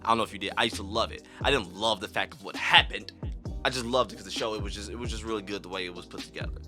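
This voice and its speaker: A man hosting a reaction video, talking in an animated, slangy, excitable way. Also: lowish voice, racing, over music. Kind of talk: casual reaction commentary.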